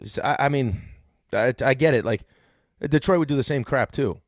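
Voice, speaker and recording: A man's voice: medium pitch, no room sound, clean studio sound. A man with a New York accent hosting sports radio, rambling through casual sports talk with lots of fillers. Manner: rapid, rambling with many fillers.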